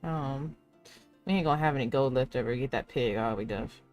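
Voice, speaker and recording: A woman's voice: a bass voice, brisk, a little mellow, soft background music. A woman playing a character in a tabletop game, talking casually and hesitantly. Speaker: player. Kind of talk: in-character tabletop role-play.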